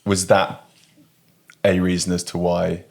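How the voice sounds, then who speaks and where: A man's voice: low voice, monotone, slow pace, creaky. A young man co-hosting a casual family chat, curious and teasing as he asks his parents questions. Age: young adult. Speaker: podcast co-host.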